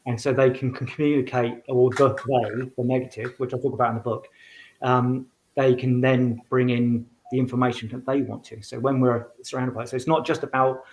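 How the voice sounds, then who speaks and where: A man who is a medium and author appears as a guest in a casual interview, rambling with frequent restarts and fillers. His mid-range voice is level, brisk, and darkish, with slight background noise.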